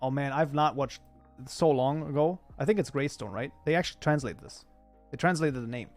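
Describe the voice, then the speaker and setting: A man's voice: mid-range voice, brisk, soft background music. A man whose first language is German, chatting casually with his live-stream chat while coding, often breaking into mock outrage. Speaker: streamer, mod programmer.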